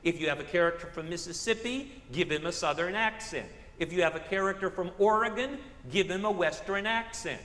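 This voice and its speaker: A man's voice: high-pitched, brisk, few pauses, fairly bright tone, roomy sound, long reverb tail. A man giving a public literature lecture on a theater stage, asking rhetorical questions and tossing in comic asides.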